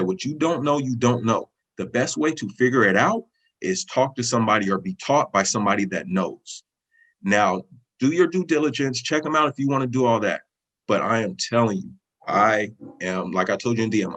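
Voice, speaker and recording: A man in his thirties with a low, husky voice tells his story in a casual interview over a video call. He speaks earnestly and with feeling, running his phrases together loosely. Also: brisk, a bit bright, low-quality recording. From California. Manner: earnest, emotional, talks in loose run-on phrases. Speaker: interview guest, student sharing a success story.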